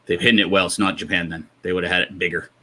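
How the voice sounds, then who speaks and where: A man co-hosting a casual hobby podcast, quick to tease and filling his talk with "uh" and "like". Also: low-pitched, level tone, sharp tone, breathy edge. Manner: fast, teasing banter with many fillers. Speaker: podcast co-host. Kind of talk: casual chat.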